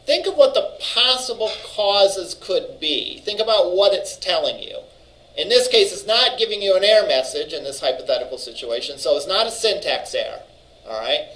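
A college instructor lectures a database class conversationally, often checking in with "all right?" and thinking aloud with fillers and restarts. His voice is a little high with a fairly bright tone, and the audio is poor.

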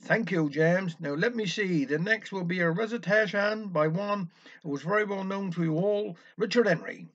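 A man's voice: high voice, moderate pace, a bit bright. A man with a Cornish accent voicing a formal older village chairman announcing a concert. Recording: dull lo-fi recording.

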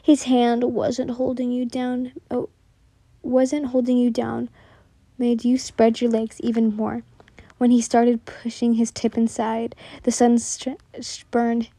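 A young woman reading a second-person fan fiction story aloud in a soft voice that often drops to a whisper, stumbling and restarting lines. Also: a little high, completely flat delivery, slow, no echo. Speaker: story narrator.

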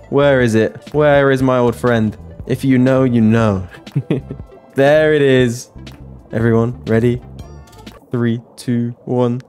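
A man's voice: mid-range voice, lively intonation, normal speed, a little mellow, soft background music. A British man giving casual, chatty commentary over his own gameplay, joking with his viewers. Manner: playful, chatty, jokes to viewers.

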